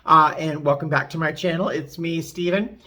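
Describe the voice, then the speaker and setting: A man's voice: a little high, fairly even intonation, normal speed, sharp tone. A man vlogging from a hotel room in a chatty, rambling way full of fillers. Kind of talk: casual chat to camera.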